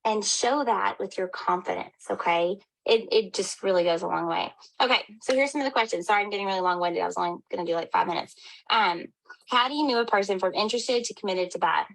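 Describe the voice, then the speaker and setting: An upbeat woman in her thirties coaching her team, cheering them on with lots of "y'all". Her voice has a gravelly fry at the ends of phrases, and her pitch sits in a mid register. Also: fast, low-quality recording. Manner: upbeat, encouraging, addresses listeners as y'all. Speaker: health coach. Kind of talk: motivational team call.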